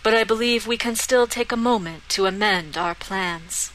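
A woman voicing a composed spymaster queen who speaks calmly and with measure. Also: mid-range voice, slight background noise, lightly acted, low-quality recording. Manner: calm, measured.

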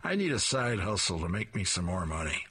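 A man's voice: low voice, very animated, fairly quick, pushed and bright, exaggerated voice. A man voicing a frustrated, scheming male sheep from a comic strip. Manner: grumbling, then put-on gruff voice.

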